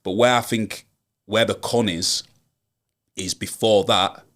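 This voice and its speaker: A young rapper from Hull, Yorkshire, England, speaks as a guest in a casual interview with a Yorkshire accent. His voice is fairly low, fairly even in intonation, slow, and a bit bright. He talks earnestly and emphatically, building up to rallying advice.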